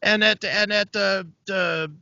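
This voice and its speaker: A man hosting a podcast, telling a story in a casual, profane, animated way. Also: sits high, slow, no echo. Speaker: podcast host. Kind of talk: casual chat. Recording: dry, dull lo-fi sound.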